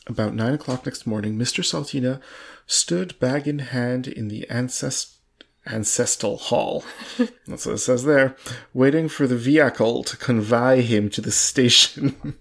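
Man, gravelly voice, reads aloud, trips on words, amused. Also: mid-range voice, unhurried. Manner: stumbling, amused, laughs at the text. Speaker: reader. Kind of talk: reading a book aloud with banter.

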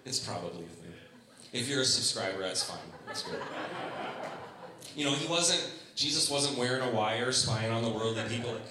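A man's voice: mid-range voice, fairly quick, bright, forceful tone. A man preaching a sermon as pastor, conversational and humorous, often acting out the voices he quotes. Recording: echoey room.

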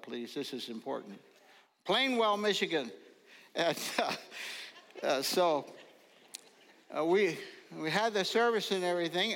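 Slow gravelly older preacher in a hall. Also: male voice, a little high. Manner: slow storytelling, bursts into loud ringing calls. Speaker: pastor. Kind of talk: folksy sermon with stories. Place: church sanctuary. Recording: long reverb of a large hall.

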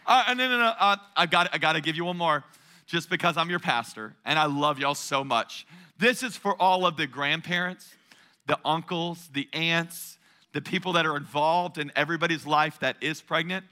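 A man, preaching a sermon as pastor, joking and animated and calling on the congregation for responses. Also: on the high side, normal speed.

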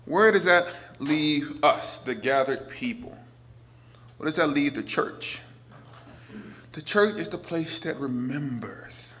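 Earnest higher-voiced preaching man. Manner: earnest, swings between emphatic and hushed. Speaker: priest. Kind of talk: sermon.

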